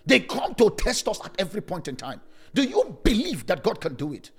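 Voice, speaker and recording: A man preaching as a pastor, swinging between loud and soft, with sudden rises and drops in pitch. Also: huge pitch swings, brisk. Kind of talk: sermon.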